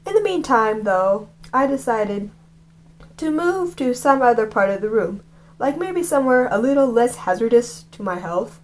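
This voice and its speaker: A woman's voice: a little high, lively intonation, normal speed. A woman reading a novel aloud on video and breaking off with chatty, mocking asides. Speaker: reader of a book on video.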